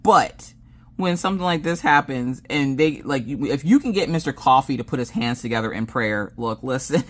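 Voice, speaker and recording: Chatty Southern mom telling family stories. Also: female voice, rumbling low, lively intonation, moderate pace. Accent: Southern American. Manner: chatty storyteller who acts out family dialogue; swears casually. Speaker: crafting channel host. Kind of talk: casual chat while crafting.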